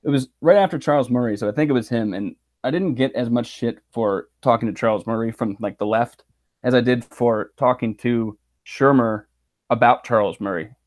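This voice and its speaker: Podcast guest guy, calm and measured, middle pitch. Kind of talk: casual podcast chat.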